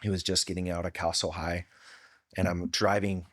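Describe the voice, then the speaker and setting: A man's voice: sits low, little pitch movement, moderate pace, fairly bright tone, no room sound, clean studio sound. A middle-aged man from Hawaii, a podcast guest telling personal stories in an earnest, heartfelt way with casual slang. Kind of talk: candid storytelling.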